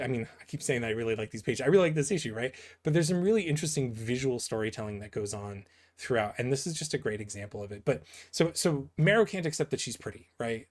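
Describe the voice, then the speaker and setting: A man's voice: mid-range voice, darkish tone. A man giving casual, rambling commentary on comic book pages, full of fillers and asides that end in "right?". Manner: rambling, filler-heavy, keeps asking "right?".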